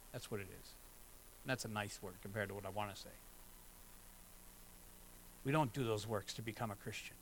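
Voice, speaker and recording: A middle-aged man delivers a sermon from the pulpit. He is earnest but conversational, and he slips into short acted-out asides. His voice sits at an ordinary middle pitch. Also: a bit bright, slight background noise, rough recording. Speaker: pastor.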